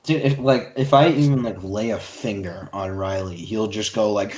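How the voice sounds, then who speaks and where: A man co-hosting a casual podcast, telling stories in an animated way, swearing freely and laughing a lot. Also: lowish voice, moderate pace, hardly any pauses. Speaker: podcast co-host. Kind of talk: casual chat.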